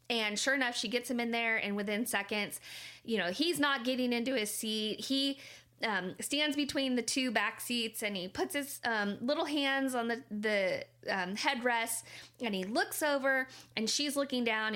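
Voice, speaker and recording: A woman's voice: mid-range voice, bright, forceful tone. A woman in her thirties, a mother, casually and earnestly telling a personal story with many fillers and asides.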